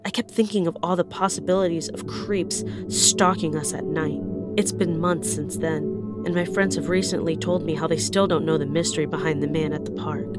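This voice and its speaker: A woman's voice: deep voice, fairly even intonation, moderate pace, over loud music. A woman narrating her own scary experience in the first person, in an earnest, plain way. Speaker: storyteller.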